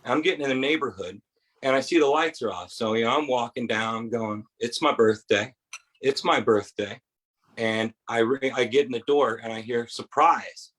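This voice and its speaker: A man's voice: medium pitch, normal speed, fairly bright tone, low-quality recording. A man doing a rambling stand-up set on a bar stage, with quoted voices in his stories. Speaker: stand-up comedian.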